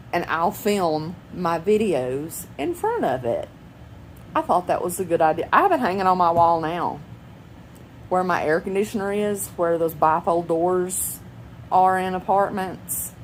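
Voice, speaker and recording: A woman's voice: low voice, a little hiss or hum, rough recording. A woman, rambling chattily and laughing often in a personal home vlog. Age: 40s. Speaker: vlogger. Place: at home indoors.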